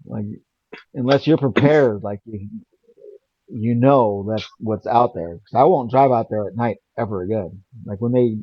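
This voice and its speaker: Guy rambling thru a story as a guest, middle pitch, kinda muffled lo-fi mic. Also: unhurried, no room sound. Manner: rambling, animated, acts out quoted voices. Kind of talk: casual storytelling. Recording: dull, lo-fi and dry.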